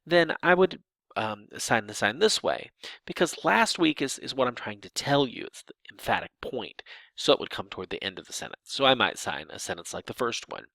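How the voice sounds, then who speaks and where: A man explaining sign language grammar in a relaxed lecture, emphatic and lively, often restarting his phrases. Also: mid-range voice, fairly quick, gravelly, no room sound. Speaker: ASL linguistics instructor.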